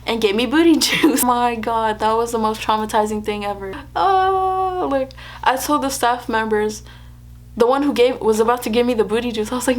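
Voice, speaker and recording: A woman's voice: fairly high pitch, normal speed, slight background noise. A young woman vlogging, telling a personal story in a chatty way, laughing often and acting out what people said. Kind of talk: casual storytelling to camera.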